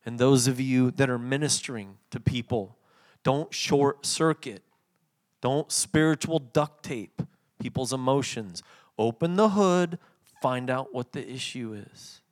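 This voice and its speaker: A man preaching a sermon, swinging from loud emphatic passages to soft, quiet readings. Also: medium pitch. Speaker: pastor.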